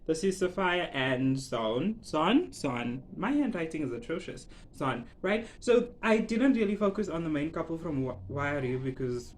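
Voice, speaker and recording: A vlogger giving a casual, animated recap, dramatic and full of laughter and rhetorical questions. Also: medium pitch, measured pace, few pauses.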